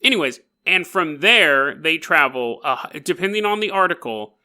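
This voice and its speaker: Animated, bright-voiced male podcast host. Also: a little high, normal speed. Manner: jokey, animated, acts out quotes. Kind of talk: comedic storytelling.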